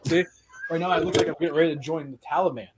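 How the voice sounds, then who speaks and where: A man's voice: a little high, racing, background noise. A young man hosting a casual video chat, joking around and telling stories. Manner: joking, storytelling with put-on quotes. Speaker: host.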